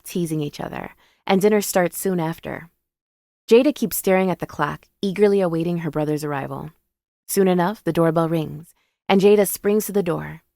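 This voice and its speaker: A woman's voice: on the low side, vocal fry, mellow, dry recording, clean studio sound. Woman narrating a romance story.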